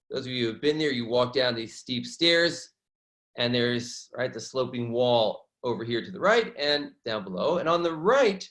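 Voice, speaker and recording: A man teaching an online lesson from slides, animated and often checking in with listeners by asking "right?". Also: mid-range voice. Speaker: educator.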